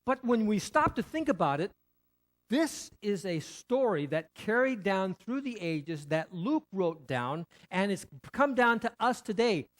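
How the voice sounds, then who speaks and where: Male pastor, conversational sermon delivery, very expressive intonation, leans on repetition and questions. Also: sits high, a little slow. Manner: animated, rhetorical questions and repetition; frequent restarts, conversational.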